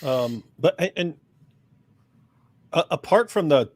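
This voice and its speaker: A man's voice: fairly high pitch, lively intonation, takes it slowly, a little mellow, dry recording. Hesitant man on a dry livestream mic. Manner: hesitant, many restarts, mocking mimicry. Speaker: livestream co-host. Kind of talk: livestream discussion.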